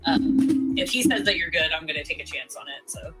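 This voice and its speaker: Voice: medium pitch, lively intonation, fairly quick, fairly bright tone, soft background music, poor audio. A panelist on a casual live stream, enthusiastic and supportive, often repeating words as they start a thought.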